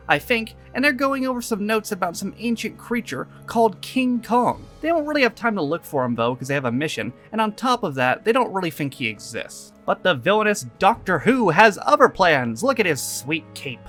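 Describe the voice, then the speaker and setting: A sarcastic movie reviewer narrates a comedic recap, tossing in profanity and mock exasperation. The delivery swings widely in pitch as the jokes land. Faint music plays underneath. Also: a bit bright. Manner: riffs with goofy quoted voices for characters.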